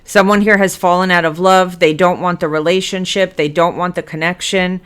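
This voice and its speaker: A woman's voice: on the low side, fairly even intonation, moderate pace, a bit bright, smooth. A woman giving a blunt, emphatic tarot reading, cursing freely as she speaks to her viewers. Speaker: tarot reader.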